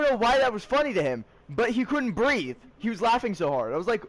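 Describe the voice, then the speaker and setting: A teenage boy chatting casually to his vlog audience, tired and rambling, with excitable bursts. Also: high voice, fairly quick. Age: teens. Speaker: high school student vlogger.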